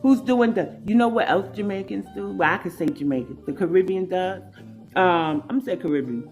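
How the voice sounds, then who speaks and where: A woman's voice: on the low side, brisk, a little mellow, soft background music. A woman speaking on an online panel, talking casually with rhetorical questions. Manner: conversational, rhetorical questions, many fillers.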